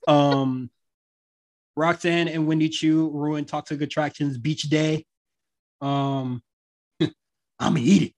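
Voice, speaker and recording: A man's voice: a little high, steady tone, slow, pauses often, a little mellow. A man co-hosting a podcast, chatting casually about wrestling, laid-back, laughing often and swearing freely. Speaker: podcast co-host.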